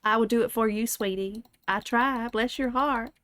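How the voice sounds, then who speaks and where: Hammy Southern belle, put-on American Southern drawl, sugary endearments, bright tone, as a streamer puts her on. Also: fairly high pitch, moderate pace, natural voice. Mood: theatrical. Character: over-the-top stereotypical Southern belle woman.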